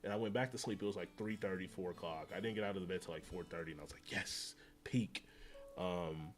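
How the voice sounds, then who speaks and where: Low-voiced male streamer, chatty and slangy, quick to get excited, faint music under him. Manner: slangy, rambling, excitable with frequent laughs. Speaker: gaming livestreamer. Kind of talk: casual livestream chat.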